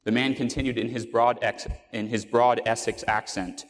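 A man's voice: mid-range voice, flat delivery, moderate pace. A man preaching a sermon, telling a story earnestly with fillers and restarts. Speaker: pastor. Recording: long hall reverb.

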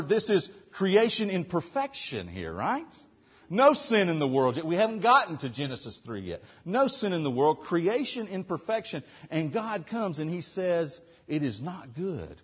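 Husky man preaching with wide swings. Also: high voice, very animated, moderate pace, highs cut off. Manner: rhetorical questions, emphatic, swings between loud and soft. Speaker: pastor. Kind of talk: sermon.

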